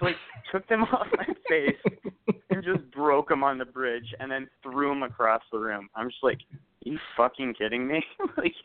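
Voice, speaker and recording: A young man tells stories on a podcast, laughing through them and swearing freely. His voice is smooth and clear but sounds thin and phone-like, close and dry with no room sound. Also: mid-range voice, no room sound. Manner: laughing while telling stories, profane. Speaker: podcast co-host. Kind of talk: casual storytelling chat.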